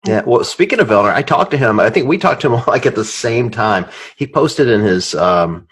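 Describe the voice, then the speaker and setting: A man's voice: mid-range voice, animated, moderate pace, fairly bright tone, husky. A man hosting a podcast, chatting casually, joking and swearing freely. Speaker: podcast host.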